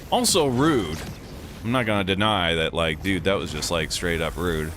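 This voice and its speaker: A man's voice: low-pitched, animated, normal speed, fairly bright tone. A man telling a loose, profane story in a casual vlog, full of "like" and "dude", sitting inside a vehicle. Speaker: vlogger. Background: music playing.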